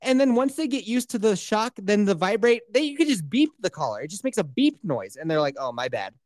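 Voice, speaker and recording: A young man telling a story in casual chat, animated and full of swearing. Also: sits high, brisk, no echo, studio quality.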